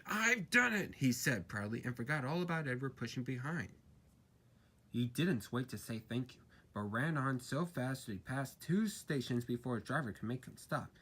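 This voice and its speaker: Male storybook reader, animated pitch, husky tone. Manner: expressive storybook reading. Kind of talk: reading a children's story aloud.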